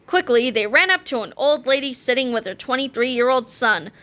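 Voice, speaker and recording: A woman reading a children's chapter book aloud, with expressive, animated storytelling. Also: high voice, normal speed. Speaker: read-aloud narrator.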